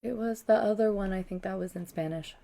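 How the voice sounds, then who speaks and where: A woman's voice: mid-range voice, fairly quick, vocal fry, crowd noise. A woman on a casual beer podcast livestream, giggling and teasing the others.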